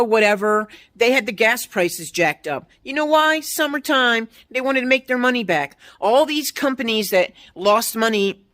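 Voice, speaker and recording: A woman's voice: medium pitch, fairly bright tone. Blunt, profane woman in her fifties ranting. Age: 50s. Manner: blunt, profane, exasperated ranting with mocking quoted voices. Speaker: vlogger. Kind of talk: ranting monologue to camera.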